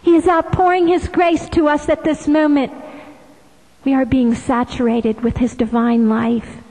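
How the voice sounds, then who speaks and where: A woman giving a slow devotional address, often slipping into hushed whispers. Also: high-pitched, little pitch movement, big-room sound, low-quality recording. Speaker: visionary sharing devotional messages.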